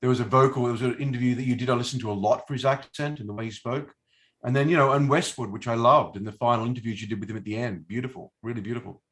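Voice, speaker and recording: Being interviewed as a guest, the middle-aged Australian actor talks very fast in a bright-ish, mid-range voice with fairly even intonation. His casual answers meander hesitantly, full of fillers and sentences he restarts.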